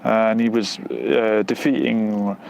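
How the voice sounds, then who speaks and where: Here a man's lowish, creaky, darkish voice comes through slowly but animatedly, with slight background noise. He hosts a relaxed live stream near the outskirts of West London, reading viewer comments aloud and answering in a rambling, hesitant manner full of fillers and restarts.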